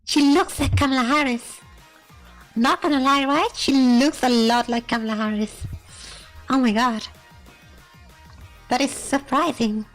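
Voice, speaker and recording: A woman's voice: sits high, unhurried, long pauses, soft background music, rough recording. A woman streamer chatting casually while reacting to cartoon episodes, laughing and often saying not gonna lie. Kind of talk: casual live-stream chat.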